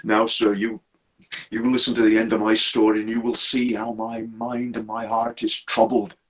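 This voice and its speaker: A man doing a haunted, halting railway signalman. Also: lowish voice, monotone, natural voice. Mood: desperate. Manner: deferential, halting, repeats "sir" constantly. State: distressed and troubled. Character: haunted, anxious middle-aged male railway signalman. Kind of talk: performed storytelling.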